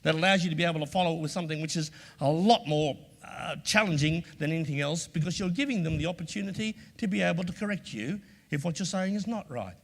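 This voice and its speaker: An Australian man addresses a live audience in a large hall with a long, lingering reverb. His voice sits fairly high, and he speaks emphatically, returning again and again to key phrases and sometimes slipping into sample lines of dialogue. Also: quick pace, creaky, few pauses. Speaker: workshop presenter. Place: large room before an audience.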